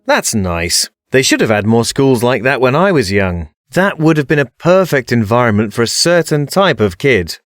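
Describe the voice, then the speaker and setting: A man's voice: mid-range voice, sing-song, moderate pace, few pauses, no echo, studio quality, soft background music. A man hosting a scripted comedy podcast in a wry, theatrical way.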